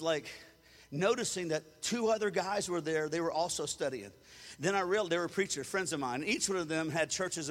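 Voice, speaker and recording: Preacher guy telling a story, kinda high voice, lots of echo, acts out everybody. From Louisiana, USA. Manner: animated storyteller, acts out quotes, chuckles often. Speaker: pastor. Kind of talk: sermon storytelling.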